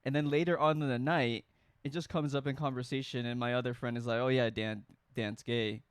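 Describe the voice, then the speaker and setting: A man's voice: medium pitch, fairly quick, clean tone, no echo. A young man hosting a casual chat, telling a story and acting out what others said. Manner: storytelling, animated quoting of others. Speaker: host.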